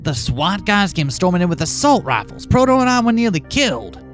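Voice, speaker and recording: A man's voice: sits high, very animated, a little fast, fairly bright tone, faint music behind. A man voicing an angry, betrayed male detective, reading game dialogue in an accusing, indignant tone. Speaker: let's play host voicing game characters.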